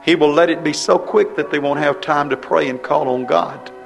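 A man preaching a fervent revival sermon, impassioned and pleading, his voice rising into high cries. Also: steady tone, normal speed, gravelly, faint music behind.

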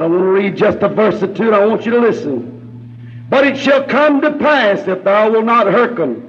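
A man's voice: high voice, lively intonation, moderate pace, highs cut off. A man preaching a revival sermon in a rhythmic, chanting cadence.

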